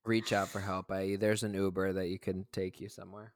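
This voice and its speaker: A man co-hosting a podcast in casual chat, deadpan and dry, with many "like" fillers. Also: sits low, fairly quick. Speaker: podcast co-host.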